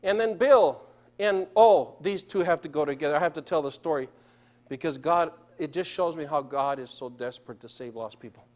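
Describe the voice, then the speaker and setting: A man's voice: on the high side, moderate pace. A man preaching a sermon in a church, telling stories and asking the congregation questions. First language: Spanish. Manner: storytelling, asks the congregation questions. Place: church sanctuary.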